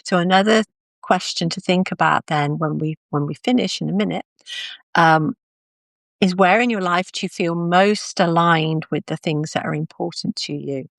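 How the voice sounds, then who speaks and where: Low, gravelly woman speaking. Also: moderate pace, no room sound. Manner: calm, practical, explaining step by step. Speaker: confidence speaker. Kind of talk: live video talk.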